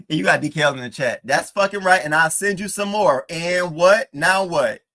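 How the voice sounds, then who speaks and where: A man streamer chatting casually over breakfast, telling gossip with swearing and a voice that climbs high when he gets worked up. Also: moderate pace, sharp tone. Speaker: streamer recapping live streams.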